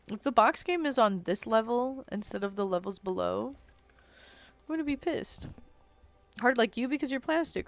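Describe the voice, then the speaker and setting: A woman's voice: a little high, vocal fry. A young adult woman chatting casually while streaming a game, rambling on and filling her speech with "like.". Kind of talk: casual live-stream chat while gaming.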